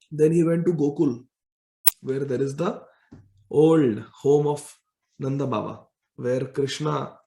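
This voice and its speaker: Gravelly man telling scripture stories. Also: mid-range voice. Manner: animated storytelling, chants verses. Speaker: scripture class speaker. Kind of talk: devotional scripture storytelling lecture. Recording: roomy echo.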